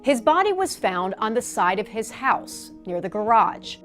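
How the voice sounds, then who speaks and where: A woman narrating a true-crime documentary in a measured, informative way. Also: mid-range voice, very animated, a bit bright, faint music behind.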